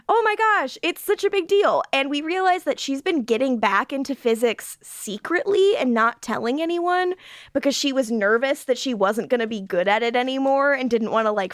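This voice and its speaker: A woman co-hosts a relaxed rewatch podcast and often breaks into laughter. She acts out characters' lines with a high voice that swoops all over. Her voice sounds dry and close. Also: normal speed, dry recording. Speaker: podcast co-host. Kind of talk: casual rewatch podcast chat.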